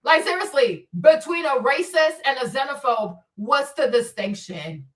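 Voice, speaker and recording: A woman's voice: high voice, expressive, unhurried, fairly bright tone. Blunt, profane woman ranting from a distance. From immigrant to the US. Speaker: commentary channel host. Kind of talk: casual opinion commentary.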